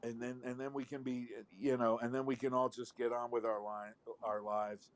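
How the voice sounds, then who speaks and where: A man talks in a loose, rambling way, wry and casually profane, as he weighs in on a live show. His voice sits at an ordinary middle pitch, with faint noise in the background. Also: flat delivery, moderate pace. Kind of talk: casual chat.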